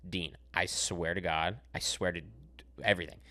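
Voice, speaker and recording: A young man hosting a podcast, telling stories in a casual, animated, profane way and laughing as he goes. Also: low-pitched, normal speed. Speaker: podcast host.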